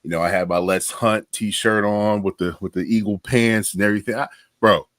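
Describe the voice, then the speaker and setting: A man with a low voice co-hosts a casual sports fan podcast, excitable and animated, using casual slang as he tells stories. The recording is dry, with no room sound. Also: moderate pace, dry recording. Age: adult. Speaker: podcast co-host.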